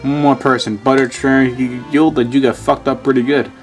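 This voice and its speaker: A man's voice: mid-range voice, little pitch movement, normal speed, soft background music. A man casually commenting on a video game he plays, reading screen text aloud, muttering and swearing often. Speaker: gaming channel host.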